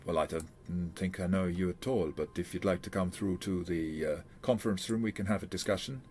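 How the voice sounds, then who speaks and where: A man's voice: low-pitched, fairly quick, a little hiss or hum, natural voice. A man voicing a pushy, sleazy male newspaper editor who bargains for information, in a put-on accent, in a tabletop game. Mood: guarded.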